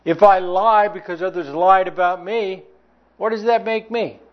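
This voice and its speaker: A man's voice: high-pitched, fairly even intonation, a little slow. A man preaching a sermon, reading scripture aloud and pressing the listeners with rhetorical questions. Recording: dull lo-fi sound.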